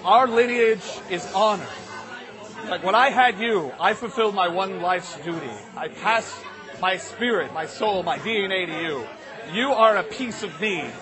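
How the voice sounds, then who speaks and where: A man putting on a proud, stern father with a voice dropped low and slow, grave and weighty. He swells into booming fury at times. An audience murmurs around the voice. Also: crowd noise, lightly acted, low-quality recording. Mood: solemn. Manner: slow, grave, then bellowing in rage. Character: stern, proud middle-aged father, deep and solemn.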